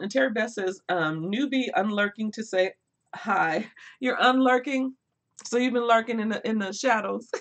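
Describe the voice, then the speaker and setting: A woman's voice: medium pitch, vocal fry, fairly bright tone. A young woman hosting a book live stream, talking casually to her viewers, laughing often as she reads out their comments. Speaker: booktube live stream host.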